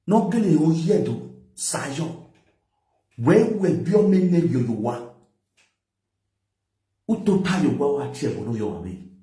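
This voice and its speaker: A man's voice: a little high, dark tone, reverberant. A man with a Nigerian accent, lecturing and scolding in a commentary, mixing pidgin with a local language. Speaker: social media commentator.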